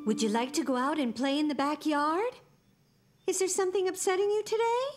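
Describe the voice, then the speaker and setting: A woman playing a gentle, kindly grandma. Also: high voice, a little fast, over loud music, close to an everyday voice. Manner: soft, coaxing, questioning. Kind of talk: animated children's series dialogue.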